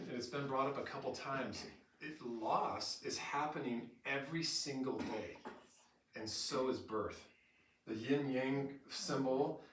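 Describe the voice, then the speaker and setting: Brief: bright-voiced middle-aged male trainer, animated storyteller, recorded from across a roomy space. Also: mid-range voice. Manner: animated storyteller who acts out quotes with laughter. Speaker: staff trainer. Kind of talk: in-service training talk. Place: training room with an audience. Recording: roomy echo from far off, faint noise.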